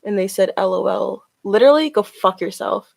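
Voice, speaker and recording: A woman's voice: mid-range voice, normal speed, creaky, darkish tone, dry recording. A woman chatting casually on a live stream as she reads tarot cards, filling her talk with "like". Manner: chatty, with many "like" fillers.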